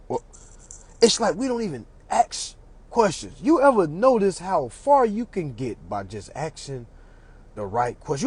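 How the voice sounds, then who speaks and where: A man's voice: high voice, slightly rough. A man hosting his own channel, telling a story in a casual monologue and acting out the other people in it. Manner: animated, acts out other people's voices. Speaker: channel host.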